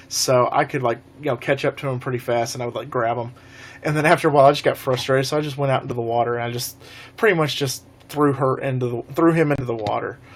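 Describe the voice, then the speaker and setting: A young man telling a rambling, laughing story on a casual live stream. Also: medium pitch.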